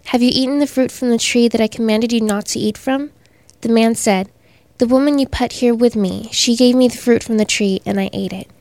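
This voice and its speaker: A woman in a class reading a scripture passage aloud, clearly and carefully. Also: a little high, fairly even intonation, a little fast, darkish tone, no room sound. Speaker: student.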